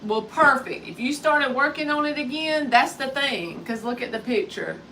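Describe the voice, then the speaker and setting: A woman's voice: high voice, expressive, moderate pace, sharp tone, far from the mic, slight background noise, low-quality recording. A woman in her thirties giving a live-stream tarot reading, chatting casually and greeting viewers by name. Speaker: tarot reader.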